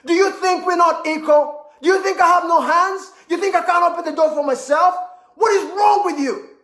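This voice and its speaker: Outraged shrill woman, put on by a man, shouting in a roomy echo. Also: moderate pace. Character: indignant woman furious at chivalry. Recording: echoey room.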